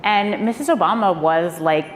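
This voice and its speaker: A woman, a former speechwriter, telling candid stories on a live panel with animated delivery. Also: medium pitch, normal speed. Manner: animated, acts out quoted voices. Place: event hall. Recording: echoey hall with faint noise.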